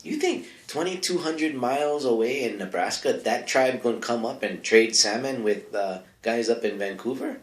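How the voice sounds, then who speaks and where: A man's voice: mid-range voice, moderate pace, few pauses. A man hosting a comedic advice segment, talking in a rambling, offhand way full of asides, close to the mic in a small home studio. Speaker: comedic advice-column host. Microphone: close microphone. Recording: echoey bare room.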